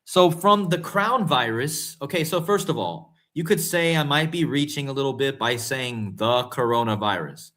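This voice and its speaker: A man hosting casual conspiracy commentary, talking straight to his viewers and growing excitable and incredulous. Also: mid-range voice, normal speed, hardly any pauses. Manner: excitable, rising to incredulous emphasis; talks to viewers directly, often calling them guys and folks. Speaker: host.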